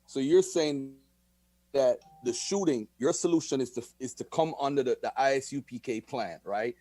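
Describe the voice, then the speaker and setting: A man hosting and moderating a live-stream debate, asking questions in a measured way. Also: mid-range voice, warm tone.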